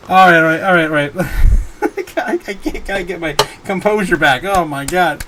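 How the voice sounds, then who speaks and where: A man's voice: high voice, very animated, normal speed, background noise. A man hosting a casual livestream, reading viewer chat and rambling, often breaking into helpless laughter. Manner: rambling, many fillers and restarts. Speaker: livestream host.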